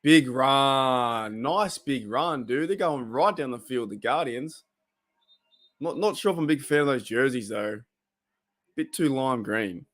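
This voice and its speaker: An Australian man chatting away on a live stream while he watches football. His voice sits at an everyday middle pitch, and he rambles, reacts to plays out loud and laughs often. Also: lively intonation, measured pace. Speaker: livestream host of a football watch party. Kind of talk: casual live-stream chat.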